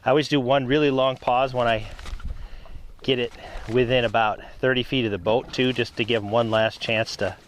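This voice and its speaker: A man narrating casually while fishing from a boat on a lake, relaxed and chatty, breaking into excited whoops when a fish bites. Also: mid-range voice, normal speed, a little hiss or hum. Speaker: fishing vlogger.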